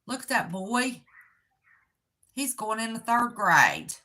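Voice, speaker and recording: A woman's voice: fairly high pitch, very animated, takes it slowly, sharp tone. A tired, chatty middle-aged woman from Southern West Virginia with her own accent, rambling through a casual livestream and reading viewer comments aloud. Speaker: livestream host.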